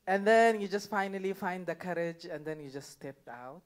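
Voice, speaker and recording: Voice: mid-range voice, normal speed. A stand-up comedian doing a live set on a club stage, chatty and laughing along, with constant "like, you know" fillers.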